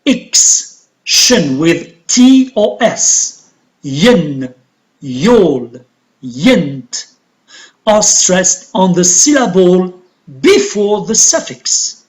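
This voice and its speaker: Algerian english teacher going slow through a lesson, lots of ups and downs in the voice, asks then answers itself. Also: medium pitch, big pitch swings, rough recording. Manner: deliberate, explains step by step, asks and answers own questions. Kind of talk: recorded classroom lesson.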